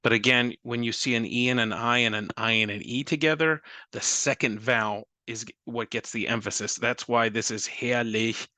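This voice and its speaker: A man's voice: mid-range voice, steady tone, a little fast, hardly any pauses, sharp tone, no echo. A man hosting a casual spoken lesson, explaining pronunciation in a friendly way with occasional fillers. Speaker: host teaching a prayer.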